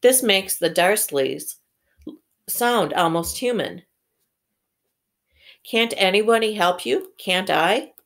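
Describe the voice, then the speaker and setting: A polite young boy wizard speaks with hushed urgency, as a woman reading a storybook aloud puts him on. The delivery is slow and clearly read from the page. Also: medium pitch, animated. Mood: urgent.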